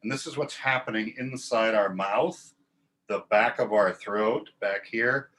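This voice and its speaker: A man teaching a choir warm-up, talking through breathing and vowel sounds and demonstrating them in calm, instructive speech. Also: fairly low pitch, unhurried. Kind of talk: guided vocal warm-up lesson.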